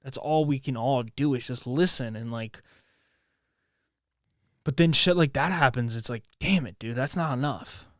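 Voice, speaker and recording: Man talking in a halting, emotional way. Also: medium pitch, fairly bright tone, no echo, studio quality. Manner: halting, emotional, swears often, many restarts. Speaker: podcast host. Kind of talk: casual solo podcast monologue. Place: at home, near his bed.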